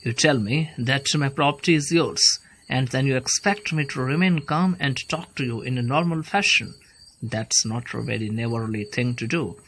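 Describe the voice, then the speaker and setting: A man's voice: medium pitch, normal speed, fairly bright tone, slight background noise, natural voice. Casting: man reading the part of nervous young landowner, hypochondriac, indignant, plain mid voice. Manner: complaining, indignant. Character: anxious young male landowner, hypochondriac and touchy. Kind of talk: play read aloud.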